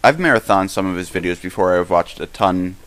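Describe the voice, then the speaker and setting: Young male podcast co-host, deep voice, rambling casual chatter. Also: fairly bright tone. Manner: rambling, halting, many restarts. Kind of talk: casual live-stream Q&A chat.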